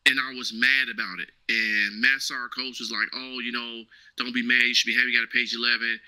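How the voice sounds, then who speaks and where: A man talks quickly in a loose, slangy way, jumping into the voices of the people in his stories. His tone is hard-edged and pushing, with a bright, forceful sound. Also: mid-range voice, low-quality recording. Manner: animated, slangy, acts out quoted dialogue. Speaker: guest, former Marine now cloud engineer. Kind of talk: casual storytelling interview.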